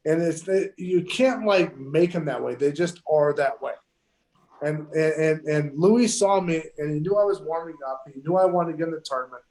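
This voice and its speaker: Man, slightly high voice, swearing constantly, emphatic storyteller, roomy echo. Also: normal speed, darkish tone. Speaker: pro golfer guest. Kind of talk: casual podcast chat. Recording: echoey room.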